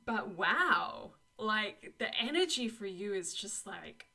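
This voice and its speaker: Speaking slowly in a very animated way, this young woman offers a relaxed tarot and oracle card reading. She's warmly encouraging, laughs frequently and leans heavily on "like" and "you know," with a mid-range, creaky, sharp-toned voice.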